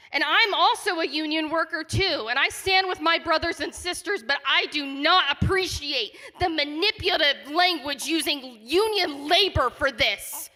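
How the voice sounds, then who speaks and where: Give me an indignant woman speaking out at a forum, high-pitched, with long hall reverb. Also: sharp tone. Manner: angry, indignant, voice rising. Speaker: resident speaking at a public forum. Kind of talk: impassioned public comment. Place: church hall.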